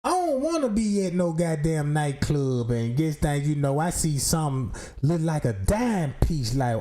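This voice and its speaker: A man's voice: sits high, a little slow, few pauses. A man telling a profane comic story in heavy street slang, acting out other voices as he goes. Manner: slangy, animated, acts out voices.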